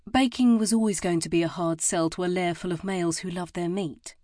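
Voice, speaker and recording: A woman voicing an enthusiastic young woman friend in an audiobook, gushing and bright in manner. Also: fairly low pitch, fairly even intonation, brisk, dry recording, studio quality, lightly acted. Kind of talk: audiobook character voice.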